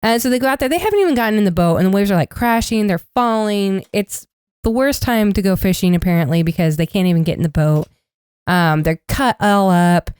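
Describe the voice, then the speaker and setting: Woman, podcast co-host, smooth clear voice, dry close sound, animated storytelling. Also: mid-range voice, fairly quick, dry recording. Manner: animated storytelling, acts out quotes. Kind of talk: casual chat.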